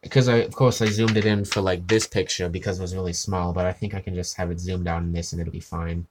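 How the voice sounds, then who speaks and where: A man's voice: low voice, steady tone, quick pace, background noise. A tired man chatting casually on a live art stream, rambling and self-deprecating, with casual swearing.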